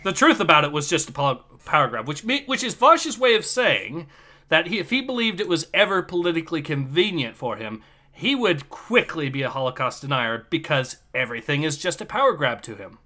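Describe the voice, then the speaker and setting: A man's voice: fairly high pitch, brisk. A man hosting a livestream, chatting animatedly and reading viewer comments aloud. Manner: animated, laughing, reads chat comments aloud. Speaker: livestream host. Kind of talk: casual commentary chat.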